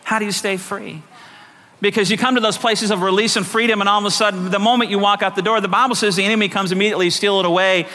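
Bright-voiced preacher in an echoing church. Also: male voice, high voice, steady tone, quick pace. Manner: preaching with repeated call-outs for amen. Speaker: pastor. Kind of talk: sermon. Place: church sanctuary. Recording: echoey church hall.

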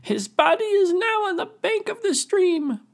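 A man voicing a small male crayfish in a storybook tale, with a high, squeaky voice that turns from timid to bragging. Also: big pitch swings, unhurried, vocal fry, full character voice. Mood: excited.

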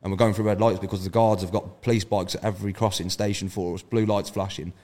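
A man's voice: low voice, little pitch movement, fast talker, a little mellow. A man telling brash, sweary road-trip stories as a podcast guest. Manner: brash storytelling, heavy swearing. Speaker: podcast guest, event organiser. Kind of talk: casual podcast chat.

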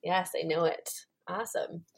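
A woman's voice: fairly low pitch, fairly even intonation, moderate pace, vocal fry. A woman from Canada hosting a podcast interview, friendly and reassuring, laughing easily while chatting. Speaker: podcast host. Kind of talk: casual interview.

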